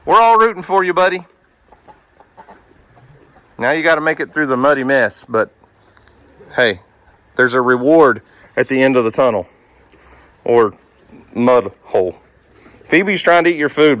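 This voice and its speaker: A man's voice: mid-range voice, moderate pace, long pauses, a bit bright, no echo. A man chatting casually and jokingly to his farm animals outdoors at a barn. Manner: joking, coaxing, talks to animals like pals. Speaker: homesteader vlogger.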